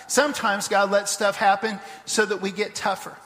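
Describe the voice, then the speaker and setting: High-voiced pastor preaching in a reverberant church. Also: male voice, level tone, moderate pace, fairly bright tone. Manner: conversational preaching, storytelling with restarts. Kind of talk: sermon. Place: church sanctuary.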